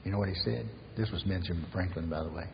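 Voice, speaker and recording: A man preaching an earnest sermon as pastor, swinging from raised emphasis to soft near-whispers. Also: deep voice, quick pace, vocal fry, big-room sound, lo-fi sound, slight background noise.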